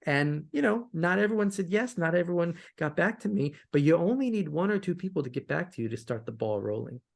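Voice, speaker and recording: A man guest on a podcast interview, telling stories from his music career in an animated way and often repeating words as he restarts. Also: fairly high pitch, fairly quick, creaky. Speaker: guest, sync licensing musician. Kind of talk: conversational interview answers.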